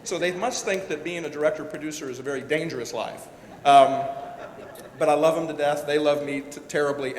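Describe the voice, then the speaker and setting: A man who works as a director-producer gives a personal, emotional speech to an audience, rambling and restarting as he goes. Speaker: event speaker, director-producer. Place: large hall. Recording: echoey hall with faint rumble.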